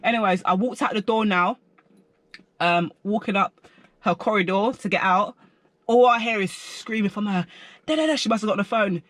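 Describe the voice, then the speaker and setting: A young man telling a story in a slangy, animated storytime vlog. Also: high-pitched, moderate pace, no room sound. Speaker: vlogger.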